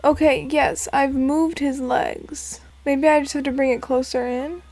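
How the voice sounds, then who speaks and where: A woman's voice: high-pitched, fairly even intonation, unhurried, darkish tone. A woman casually commenting and reading aloud while playing a puzzle game, chatty and self-deprecating. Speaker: gameplay narrator. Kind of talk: casual let's play commentary.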